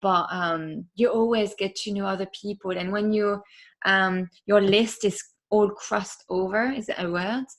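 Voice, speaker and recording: Woman, mid pitch, casual interview talk, gravelly, chatty with fillers. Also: fairly even intonation, a little slow. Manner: chatty, many fillers, soft laughs. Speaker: podcast host, interview guest.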